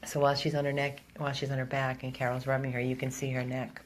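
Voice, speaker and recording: Inside a room, a woman with a low, monotone voice narrates a phone video for an animal rescue at a quick pace. She addresses her viewers directly, earnest and full of feeling, over a faint hiss of background noise.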